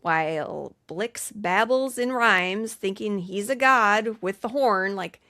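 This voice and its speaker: Brief: woman podcast co-host, casual movie recap, chatty, filler-heavy, mid pitch. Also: takes it slowly, sharp tone.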